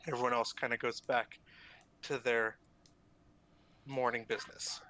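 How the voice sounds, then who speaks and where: Man, game master, tabletop narration, bright tone, hesitant. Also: mid-range voice, flat delivery, a little slow, low-quality recording.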